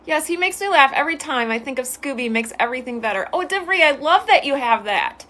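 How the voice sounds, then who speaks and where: A woman's voice: sits high, lively intonation, a little fast, few pauses, bright, forceful tone. A woman livestreamer in casual chat, greeting viewers by name and reading their comments aloud in a sweet, affectionate way.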